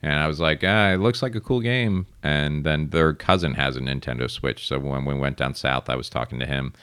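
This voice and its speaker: A man in his thirties, co-hosting a podcast in casual chat and telling animated stories. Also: fairly quick, clear, resonant tone, dry recording. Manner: animated storytelling, mimics people in high voices. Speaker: podcast co-host.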